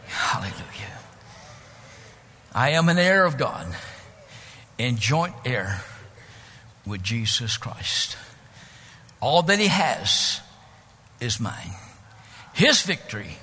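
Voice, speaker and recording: A man preaching a sermon as pastor, building to shouts and dropping to hushed, drawn-out lines. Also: mid-range voice, long reverb tail, slight background noise.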